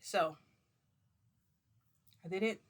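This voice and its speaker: A young woman tells her viewers a long personal story. She talks casually and rambles, and her sentences are packed with "like" fillers. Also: very slow. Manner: rambling, chatty, full of "like" fillers. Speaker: vlogger.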